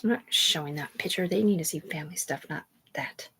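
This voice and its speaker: A woman's voice: low voice, fairly quick, fairly bright tone, a little hiss or hum. A woman livestreamer rambling on a live stream, jumping between topics and talking to her viewers. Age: adult. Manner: rambling, jumps between topics, talks to chat.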